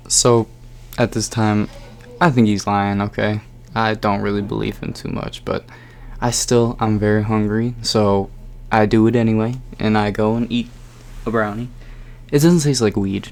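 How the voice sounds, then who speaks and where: A man's voice: on the low side, fairly even intonation, moderate pace, a little mellow. A young man telling a personal story in a casual vlog, rambling with lots of fillers.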